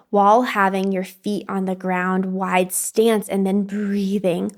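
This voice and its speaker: A woman speaks in a calm, unhurried voice, leading a guided body practice. Her delivery is soft and soothing, with breathy exhales and pauses between instructions. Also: medium pitch. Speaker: podcast host and wellness coach.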